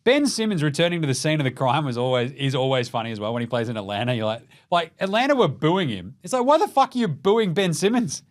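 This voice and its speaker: A man's voice: on the high side, sing-song, fast talker, few pauses. A young Australian man hosting a casual, sweary basketball recap, joking and putting on mock voices of players. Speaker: basketball podcast host.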